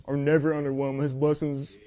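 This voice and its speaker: A man preaching at a youth meeting, reading scripture slowly and earnestly, sometimes tripping over his words. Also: fairly high pitch, completely flat delivery, dark tone. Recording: muffled lo-fi audio.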